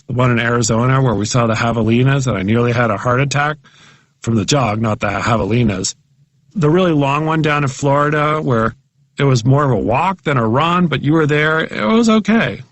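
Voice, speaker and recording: A man narrates comic essays for an audiobook with a wry, self-mocking, chatty delivery. His voice sits at an ordinary middle pitch. The recording is close and dry, with no room sound. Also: fairly quick, dry recording.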